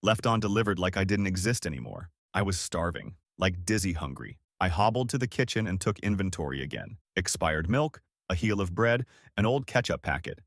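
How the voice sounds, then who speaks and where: A man's voice: on the low side, no room sound, studio quality. A man in his thirties narrating a first-person story from a script, in a wry, sarcastic way.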